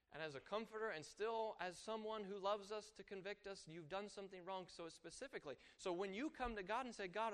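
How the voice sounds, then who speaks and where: A man delivers a sermon with a high, light voice. His delivery is animated, rising for emphasis and dropping low and quiet to drive a point home, and he slips into quoted voices as he teaches. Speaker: preacher.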